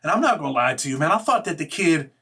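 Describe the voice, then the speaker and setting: A man with a slightly raised pitch tells a hard story in loose, rough slang. He talks bluntly and curses freely. He keeps checking in with "right?" and "man". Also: sing-song, fast talker, pushed and bright. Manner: blunt and profane. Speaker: show host telling a personal story. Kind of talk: casual spoken storytelling.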